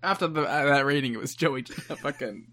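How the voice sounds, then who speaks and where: A man's voice: mid-range voice, normal speed, sharp tone. A man co-hosting a casual podcast, joking around, laughing often and swearing freely. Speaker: podcast co-host.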